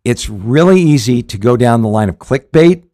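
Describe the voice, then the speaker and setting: With a warm tone and lively intonation, this pastor hosts a show and teaches the Bible conversationally. His medium-pitched voice moves at normal speed, earnest and rambling with many restarts and fillers, in a dry, close recording with no echo.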